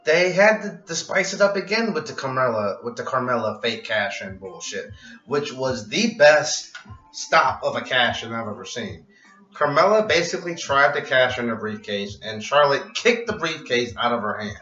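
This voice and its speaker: A man's voice: medium pitch, lively intonation, moderate pace, sharp tone, a little hiss or hum. A man reviewing a wrestling show in a casual, rambling vlog, wry and freely profane. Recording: echoey, dull, distant with music.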